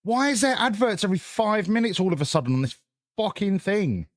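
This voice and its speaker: Brief: streamer, sarcastic and sweary, lively ups and downs, dry close sound. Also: male voice, sits high, brisk, dry recording. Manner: sweary, sarcastic, rambling, reads chat aloud. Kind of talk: casual live-stream chat.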